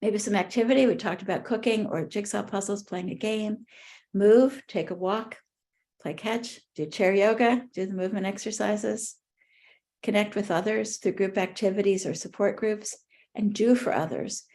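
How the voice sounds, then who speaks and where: Middle-aged woman presenter, gentle and conversational, mid-range voice, speaking to caregivers at a workshop. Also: mid-range voice, normal speed. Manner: gentle, conversational, with fillers and restarts. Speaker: workshop presenter on grief care.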